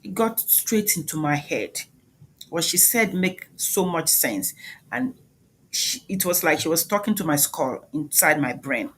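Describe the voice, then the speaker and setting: A woman's voice: sits low, expressive, measured pace, a little hiss or hum. A woman with a Nigerian accent giving an emphatic motivational talk, questioning the audience directly. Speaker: speaker, doctor.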